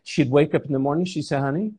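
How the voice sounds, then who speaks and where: A man's voice: fairly high pitch, fairly even intonation, fast, mellow, husky. A male preacher giving a sermon, telling a story with animation and asking the congregation rhetorical questions.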